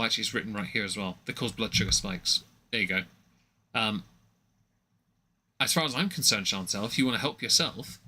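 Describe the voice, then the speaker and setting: A man's voice: mid-range voice, bright, forceful tone. A young man giving rambling, mocking commentary on a livestream, with many fillers and restarts.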